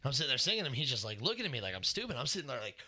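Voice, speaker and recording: Fast-talking profane storyteller. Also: male voice, medium pitch. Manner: rapid, profane, animated storyteller. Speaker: podcast co-host. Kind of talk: casual storytelling chat.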